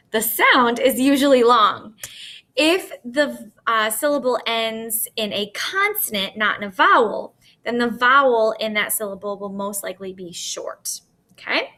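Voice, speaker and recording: A woman's voice: on the high side, sharp tone. A woman teacher explaining a lesson step by step, patiently, often checking in with "okay?". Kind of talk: recorded classroom lesson.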